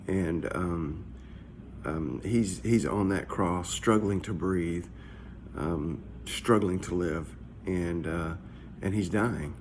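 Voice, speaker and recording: A man's voice: deep voice, darkish tone, a little hiss or hum. A man, a pastor, giving a casual morning devotional in a conversational, searching way, often repeating his words. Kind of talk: short devotional talk.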